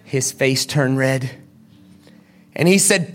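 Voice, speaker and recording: Animated high-voiced preacher. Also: male voice, normal speed. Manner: animated, dramatic, with shouted peaks. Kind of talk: sermon with storytelling.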